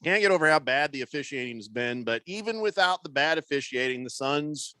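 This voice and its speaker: Bright-voiced male sports radio host. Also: a little high, expressive, fairly quick, dry recording. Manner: joking, slips into put-on voices for bits. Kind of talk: casual sports talk banter. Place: radio studio.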